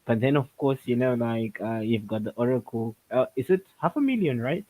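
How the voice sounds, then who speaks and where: Mellow-voiced man talking with many fillers. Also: mid-range voice, animated, moderate pace, rough recording. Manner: hesitant, many fillers, laughs between points. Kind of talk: casual chat.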